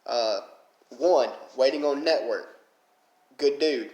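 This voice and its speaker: A man's voice: mid-range voice, slow pace, a little mellow. A man giving blunt, casual commentary on his game community, pushing his voice up when he makes a point. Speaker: gaming commentator. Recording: echoey room.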